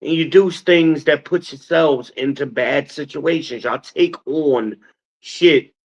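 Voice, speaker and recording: A middle-aged man hosting his own stream, talking in an animated, scolding, preacher-like way. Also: medium pitch, rough recording. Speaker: podcast host. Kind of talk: casual streamed monologue, preaching.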